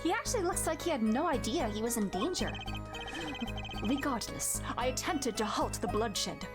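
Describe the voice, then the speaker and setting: A woman voicing a pompous young male university student witness with a put-on German accent and grandiose, theatrical delivery, over loud game music. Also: on the high side, expressive, normal speed, natural voice.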